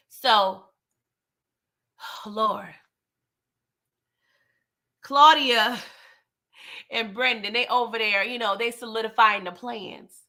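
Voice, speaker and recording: A woman recaps a TV episode in a loose, animated way. Her voice sits a little high and rings bright. She is full of slang and keeps talking straight to her audience. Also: takes it slowly, pauses often. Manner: animated, slangy, chatty, talks straight to viewers. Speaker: TV recap host. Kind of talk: casual recap and review.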